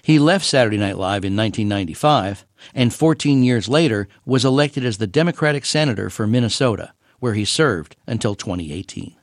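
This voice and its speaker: A man hosting a radio program, reading a measured, informative script. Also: on the low side, expressive, no room sound, clean studio sound. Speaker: radio host. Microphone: studio microphone.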